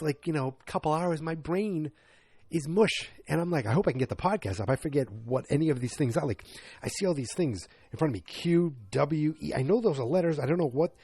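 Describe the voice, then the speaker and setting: A man's voice: mid-range voice, a little mellow, slightly rough, no echo. A man hosting a podcast, rambling through a loose, jokey, self-mocking movie review. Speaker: podcast host. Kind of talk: casual movie review monologue.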